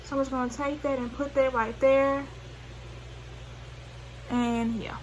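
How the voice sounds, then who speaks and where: A woman's voice: high voice, little pitch movement, a little slow, rough recording. A woman with a Southern US accent talking through a makeup tutorial in a chatty, rambling way, full of slang and self-corrections. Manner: chatty, rambling, slangy, loses track mid-sentence. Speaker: beauty vlogger.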